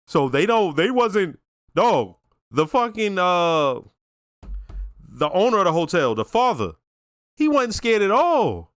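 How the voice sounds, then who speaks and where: A man's voice: high-pitched, slow, no room sound, clean studio sound. Slangy man giving casual commentary. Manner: casual slangy talk, reflective and animated. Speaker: show reaction reviewer.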